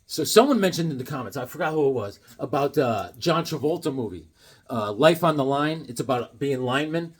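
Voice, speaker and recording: A middle-aged man chatting casually as he shows off his comic books, telling stories in a lively way and laughing often. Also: mid-range voice, brisk, slightly rough. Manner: animated storyteller, laughs often, acts out voices. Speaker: comic book collector vlogger. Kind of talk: casual chat showing comics.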